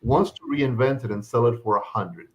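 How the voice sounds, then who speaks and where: Animated male podcast storyteller. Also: medium pitch, normal speed, dull audio, a crowd in the background. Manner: animated storyteller who acts out quoted dialogue. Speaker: podcast co-host. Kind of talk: casual storytelling chat.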